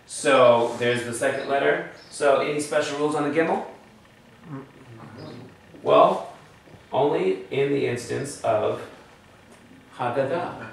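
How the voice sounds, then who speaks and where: A man's voice: medium pitch, slow pace, creaky, pauses often. A man teaching a class, explaining patiently step by step and checking in with his students. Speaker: Hebrew teacher. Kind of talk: classroom lesson. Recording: echoey room from far off, faint noise.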